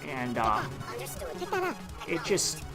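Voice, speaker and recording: A man's voice: medium pitch, expressive, extremely slow. Rambling man narrating gameplay. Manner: rambling, with many fillers and restarts. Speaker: gameplay commentator. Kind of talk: casual let's-play commentary. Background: game music.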